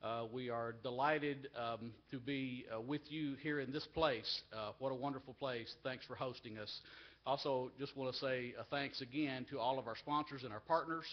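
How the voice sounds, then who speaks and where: A man delivers a heartfelt speech at a live university event, earnest and openly emotional. His pitch sits in a middling range, and he leans on repeated phrases for emphasis. The webcast audio is a little dull. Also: fairly even intonation, normal speed. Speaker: agricultural education association leader giving a speech.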